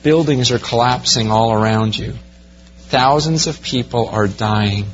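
A man preaching a sermon verse by verse, growing animated as he pictures the scene for his listeners. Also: medium pitch, a little slow, highs cut off, slight background noise. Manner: animated, rising to excited storytelling. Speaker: pastor.

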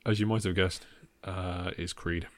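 Man with a low, dry voice. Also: steady tone, measured pace, dry recording. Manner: wry, laughs at own jokes, many ums. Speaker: podcast host. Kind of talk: casual film chat.

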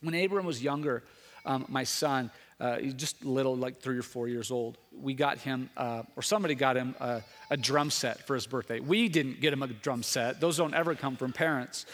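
A man's voice: medium pitch, normal speed, fairly bright tone. A man in his thirties preaching a sermon, earnest and repetitive, with frequent restarts, building to raised, emphatic passages. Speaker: pastor.

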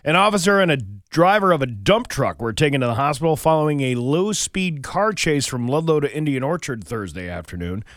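A man's voice: a little high, lively intonation, fairly quick, hardly any pauses, fairly bright tone, no echo, studio quality. A man hosting a morning radio show, telling jokes and reading local news, often restarting his sentences. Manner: joke-telling, hesitant with restarts. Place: radio studio.

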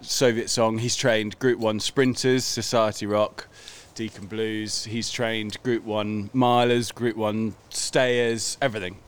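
A man co-hosting a podcast in chatty casual conversation with quick interjections. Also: on the low side, flat delivery, smooth. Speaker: podcast co-host. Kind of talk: casual chat.

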